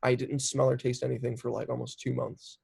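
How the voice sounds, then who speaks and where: A young filmmaker in his twenties talks through his work in a loose, chatty way, dropping "like" every few words. His mid-range voice has a gravelly fry to it. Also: medium pitch, fairly quick. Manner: chatty, lots of "like" fillers, animated storytelling. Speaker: documentary filmmaker. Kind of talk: casual interview chat.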